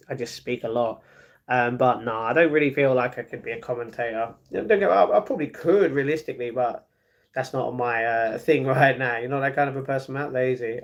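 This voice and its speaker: Fast-talking young London man. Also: mid-range voice. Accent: London English. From England. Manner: fast, chatty, rambling with fillers. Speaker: live streamer. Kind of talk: reading and answering live chat.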